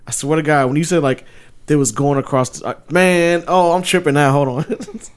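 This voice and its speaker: Excitable man, slightly high voice. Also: smooth. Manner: excitable, profane, swearing to God, quick laughs. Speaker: podcast co-host. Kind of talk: casual chat.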